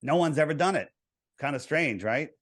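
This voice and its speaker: A male interview guest, his voice pitched slightly above average for a man, walks the listener through his numbers step by step in an earnest, lecture-like way. He speaks at a normal speed with lively intonation.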